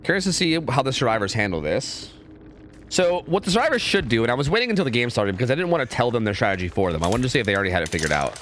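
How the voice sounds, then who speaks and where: A man casting game scrims on a live stream in a casual, chatty way, often repeating words in quick bursts. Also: mid-range voice, sing-song, fairly bright tone, a little hiss or hum.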